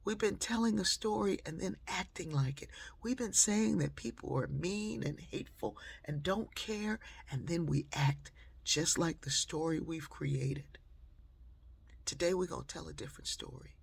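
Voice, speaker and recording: A woman speaker telling an inspirational story in an animated way, acting out dialogue and often dropping to a whisper. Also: fairly low pitch, normal speed, vocal fry, breathy edge. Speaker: motivational speaker.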